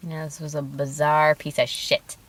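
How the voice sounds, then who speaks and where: A woman's voice: deep voice, normal speed. A woman co-hosting a casual movie review chat, blunt and swearing, telling funny stories. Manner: animated, blunt, swears, tells anecdotes.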